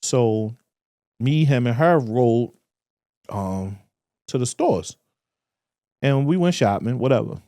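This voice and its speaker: Animated man telling a story. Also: slow, long pauses, no room sound, studio quality. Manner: animated, breaks into high excited pitch while telling stories. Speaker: podcast co-host. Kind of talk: casual storytelling chat.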